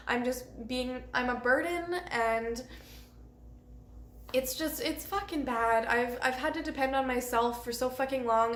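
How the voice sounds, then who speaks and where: A young woman telling her own life story to the camera, candid and raw, with frequent swearing. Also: on the high side. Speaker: vlogger. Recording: roomy echo with faint ambient noise.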